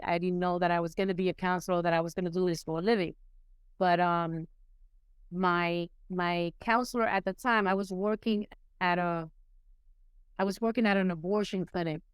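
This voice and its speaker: A middle-aged woman from Puerto Rico, raised in New York City, telling her life story as a podcast guest in a lively way, acting out the people she quotes. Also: clean tone, dry recording. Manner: animated, acts out quoted people with rising pitch. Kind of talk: casual storytelling interview.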